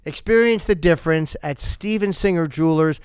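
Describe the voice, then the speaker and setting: Reading live sponsor spots on his podcast, a man in his fifties keeps wandering into crude, sarcastic tangents. He speaks briskly in a fairly high, smooth, resonant voice with a slightly mellow quality, recorded close and dry without echo.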